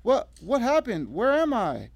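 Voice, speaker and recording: Male reader voicing a stammering, terrified young woman; high and trembling. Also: wildly swooping pitch, unhurried, a little mellow, no room sound, full character voice. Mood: panicked. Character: terrified, confused young woman just revived.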